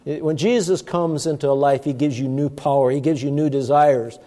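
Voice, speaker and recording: A man preaching a sermon with emphatic delivery, moving between loud, stressed words and hushed asides. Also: on the high side, fairly even intonation, normal speed. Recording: long church-hall reverb.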